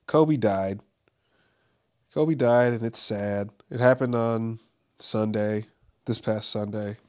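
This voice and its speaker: A man's voice: on the low side, takes it slowly, a little mellow. A young man from Los Angeles talking in a rambling, casual monologue, full of profanity, fillers and restarts.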